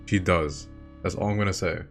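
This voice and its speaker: A young man with a low-pitched voice talks a little fast while hosting a video, giving enthusiastic casual commentary over faint game music. He swears often and repeats himself as he goes.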